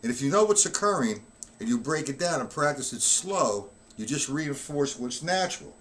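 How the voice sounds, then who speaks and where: With a little hiss or hum in the audio, a drum teacher streams a live lesson in a medium-pitched, fairly bright voice, lively in intonation and moderate in pace. He's not well and coughs occasionally, counting beats aloud as he demonstrates.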